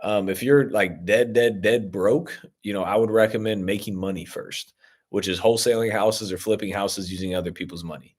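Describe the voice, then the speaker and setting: This Ohio man has a lowish, darkish voice with a breathy edge. He coaches viewers on real estate investing in a casual live-stream Q&A, responding to their comments loosely, with many fillers and an upbeat tone.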